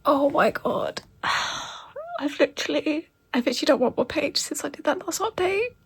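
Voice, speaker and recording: A woman vlogging about a book she is reading, tearful and crying, often dropping into breathy half-whispers and trailing off. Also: high voice, animated, moderate pace. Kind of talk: emotional reading vlog chat.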